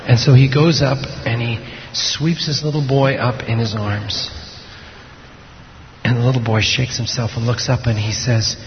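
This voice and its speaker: A man preaching a sermon to a congregation, moving between slow hushed passages and loud, excited storytelling. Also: mid-range voice, creaky, muffled recording, background noise. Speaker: pastor. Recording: long hall reverb, faint ambience.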